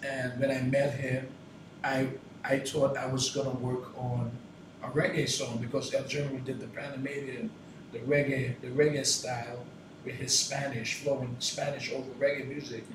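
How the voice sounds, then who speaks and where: A man's voice: mid-range voice, moderate pace, recorded from a distance. A man telling a story in an interview, acting out lines and breaking into sung hooks. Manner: animated, acts out lines and sings hooks loudly. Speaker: guest recording artist. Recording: echoey room, voice from off-mic, noisy.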